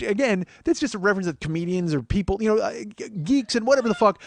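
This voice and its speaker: A man's voice: sits high, dry recording. A man hosting a podcast, telling a road story alone, swearing freely and acting out what people said. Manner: profane, animated, acts out quotes. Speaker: podcast host. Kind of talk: solo storytelling monologue. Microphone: podcast mic.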